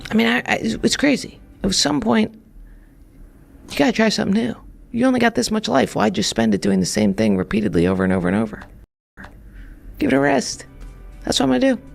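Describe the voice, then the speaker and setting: A man's voice: sits high, sing-song, fairly quick, vocal fry, long pauses. A man delivering a candid, profane comedic monologue about his own struggles. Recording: music playing behind.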